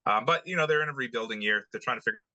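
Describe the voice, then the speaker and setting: A man co-hosting a casual sports podcast, recapping scores in a relaxed way with lots of ums, uhs and swearing. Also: mid-range voice, racing, no room sound, lo-fi sound. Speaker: podcast co-host recapping games.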